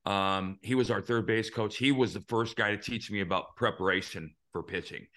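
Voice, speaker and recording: A man in his fifties hosting a podcast, telling earnest, animated stories in a casual chat and swearing now and then. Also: on the low side, normal speed. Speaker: podcast host.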